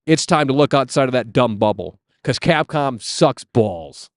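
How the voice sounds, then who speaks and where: A man's voice: mid-range voice, animated, unhurried, no room sound, clean studio sound. Ranting man streaming live outdoors. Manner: ranting, profane, reading chat aloud. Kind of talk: casual live stream chat.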